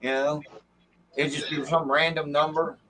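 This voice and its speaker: Man, host, easygoing, slightly higher voice, faint noise behind. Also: little pitch movement, normal speed. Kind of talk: casual chat.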